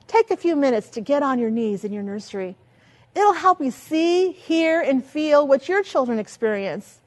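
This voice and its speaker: An older woman giving a lively teaching talk as a children's ministry trainer, asking many rhetorical questions. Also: high voice, moderate pace.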